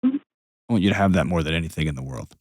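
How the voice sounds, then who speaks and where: A man's voice: deep voice, expressive, fast talker, no echo, studio quality. A man hosting an advice call-in show, talking bluntly and painting vivid scenes as he coaches a caller. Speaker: host.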